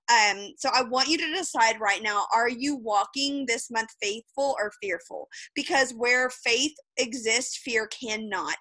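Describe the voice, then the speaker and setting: A woman's voice: on the high side, bright, forceful tone, no echo. A woman, giving a fired-up, candid motivational talk as a guest on a video call, swearing freely. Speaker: guest speaker.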